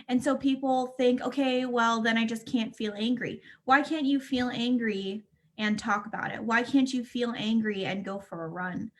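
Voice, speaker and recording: A woman speaking in a calm, explanatory way as a mental health speaker in a casual discussion. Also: mid-range voice.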